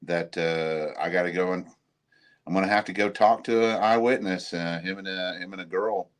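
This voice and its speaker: A man from Oklahoma, a guest cryptid investigator, telling stories in a relaxed, rambling way. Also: sits low, moderate pace. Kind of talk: casual storytelling.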